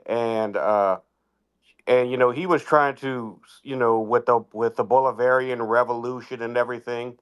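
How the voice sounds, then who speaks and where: A man on a call-in show speaks in a halting way, stopping and restarting often. His voice is smooth and resonant, at a mid pitch for a man. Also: steady tone. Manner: halting, many fillers and restarts. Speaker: caller. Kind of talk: casual call-in chat.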